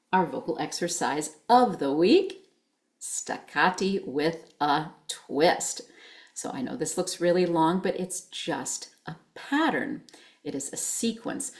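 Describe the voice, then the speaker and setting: A woman voice teacher giving a vocal exercise lesson, explaining patiently and encouraging her students. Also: deep voice.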